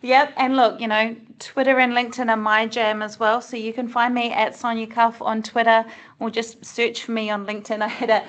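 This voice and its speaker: A woman's voice: a little high, level tone, moderate pace, a bit bright. Chatty woman with a slight Kiwi accent. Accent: New Zealand. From New Zealand. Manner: chatty, thinks aloud with restarts and light laughs. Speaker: co-host of a community video call. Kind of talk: casual online meeting chat. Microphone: video call.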